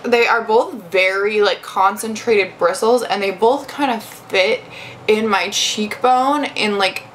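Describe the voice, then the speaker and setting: A woman's voice: mid-range voice, slow pace, a little hiss or hum, poor audio. A young adult woman giving a casual makeup review, chatty and rambling with lots of fillers and restarts. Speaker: beauty vlogger.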